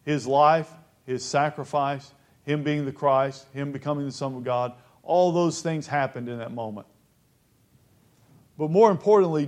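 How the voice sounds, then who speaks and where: A man preaching a Bible lesson who reads verses aloud, stresses key phrases slowly and asks his listeners questions. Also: fairly high pitch, darkish tone.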